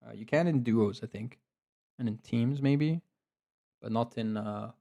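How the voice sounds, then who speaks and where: A man commentates a live online strategy match in an excitable, chatty way, often laughing and cheering players on. His voice has a dark, mellow tone and a slightly tired edge. He sounds like he is talking into a desktop mic. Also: mid-range voice, a little slow, gravelly. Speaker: game commentator and league host.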